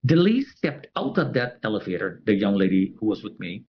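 A man's voice: fairly low pitch, very animated, fairly quick, lo-fi sound. A man telling a personal story as an interviewee. He talks animatedly and acts out the other people's voices.

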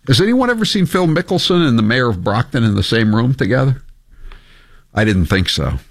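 A man's voice: medium pitch, very animated, brisk, gravelly, no echo. A male talk radio host, delivering news with wry, offhand asides. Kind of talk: casual talk radio banter.

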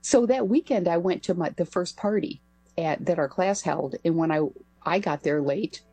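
A woman's voice: on the low side, moderate pace, warm tone, slightly rough, no echo. An older woman, a retired pilot, telling a story as a guest on a radio interview, with a light laugh now and then. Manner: anecdotal, laughs while telling. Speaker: guest, former pilot and astronaut.

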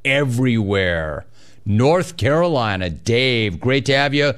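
A man hosting a sports call-in radio show, animated and joking with callers. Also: medium pitch, moderate pace. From California. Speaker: radio talk show host. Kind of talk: casual sports radio chat.

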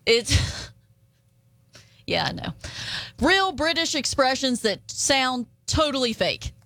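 A woman's voice: high voice, very animated, slow, a bit bright, no room sound. A woman with an Appalachian accent co-hosting a casual podcast chat, giggling often as she reads out phrases. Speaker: podcast co-host.

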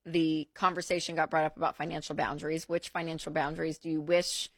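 Female co-host, lowish voice, chatty and animated, dry studio sound. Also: fast, no room sound. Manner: chatty, animated, with fillers and restarts. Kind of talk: casual talk-show chat.

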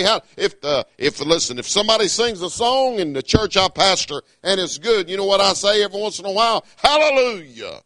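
A middle-aged man, preaching a sermon emphatically, breaking into high cries of hallelujah. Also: pushed and bright, dry recording. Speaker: pastor.

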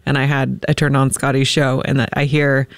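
A man's voice: medium pitch, monotone, moderate pace, gravelly, clean tone, dry recording. A man co-hosting a morning radio show, ribbing his partner in easygoing, laughing banter. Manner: laughs easily, teasing banter. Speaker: radio co-host. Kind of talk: casual morning radio chat.

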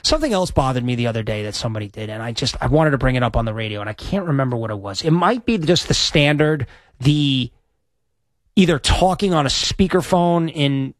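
A man with a fairly high voice rambles on as a sports radio host, chatty and self-deprecating. His voice is close and dry, with no room sound around it. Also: no room sound. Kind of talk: casual radio chat. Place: radio studio.

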